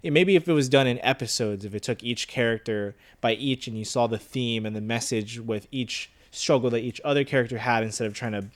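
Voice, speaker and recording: A man's voice: medium pitch, fairly quick, few pauses. A man co-hosting a casual movie review chat, thinking aloud in a rambling way with many fillers. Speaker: podcast co-host.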